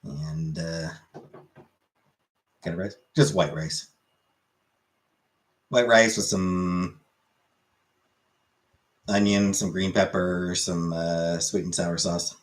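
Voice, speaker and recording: A man's voice: low voice, very slow, long pauses. A young man streaming and chatting casually with his viewers, rambling along with lots of fillers. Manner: relaxed, rambling with many fillers.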